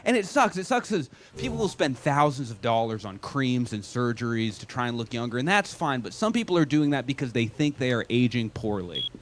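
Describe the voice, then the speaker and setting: A man from Massachusetts, doing a stand-up set with sardonic, rapid storytelling. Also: medium pitch, big pitch swings, a little hiss or hum. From Massachusetts, USA. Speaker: stand-up comedian. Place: comedy club stage with audience. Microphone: handheld stage mic.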